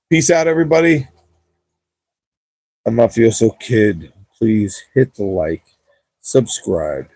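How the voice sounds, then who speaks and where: A man's voice: lowish voice, a little mellow, breathy edge, no echo. A young man chatting casually at the end of his gaming livestream, laid-back, rambling and cursing often, on a cheap wireless mic.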